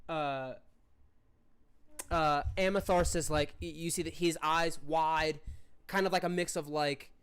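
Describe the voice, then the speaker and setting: Casting: rambling man running a tabletop game, slightly high voice. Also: fairly even intonation, measured pace, long pauses, fairly bright tone, smooth. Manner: rambling, many fillers and restarts. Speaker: game master.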